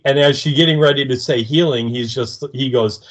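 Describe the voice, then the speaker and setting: Male podcast co-host, casual chat, chimes in laughing, mid pitch. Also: moderate pace. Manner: laughs often, chiming in and quoting lines. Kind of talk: casual chat recapping a TV episode.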